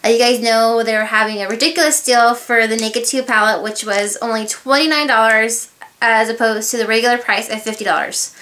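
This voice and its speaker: Bright-voiced chatty woman vlogger. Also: fairly high pitch, steady tone, fairly quick. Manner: rambling, chatty, full of filler words and asides. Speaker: beauty vlogger. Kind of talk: casual haul review chat.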